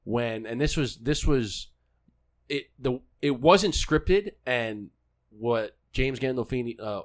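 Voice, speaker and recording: A man's voice: mid-range voice, expressive, slow. A man hosting a podcast, loosely retelling movie scenes in casual chat. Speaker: podcast host.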